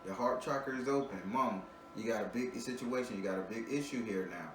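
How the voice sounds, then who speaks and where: A man's voice: mid-range voice, a little fast. A man giving a spiritual reading to a client in a casual, joking way, talking bluntly and profanely, laughing often and repeating words as he restarts. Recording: roomy, distant mic with ambient noise.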